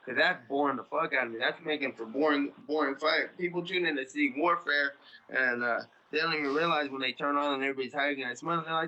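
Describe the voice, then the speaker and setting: A man's voice: on the high side, pushed and bright, poor audio. A man in his thirties giving a casual interview, talking in a blunt, profane, rambling way. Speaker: interview guest.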